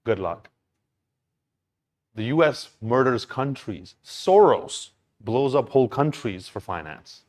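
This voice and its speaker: A man giving an emphatic, profane talk about crypto markets to an audience, swinging from hushed asides to near-shouts. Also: medium pitch, animated, a little slow, hardly any pauses. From Canada. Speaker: crypto speaker.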